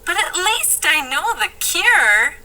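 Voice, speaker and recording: A woman voicing an eager, bossy young girl who is the star of a show, with squealing excited exclamations. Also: extremely high pitch, slow, full character voice, rough recording. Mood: thrilled.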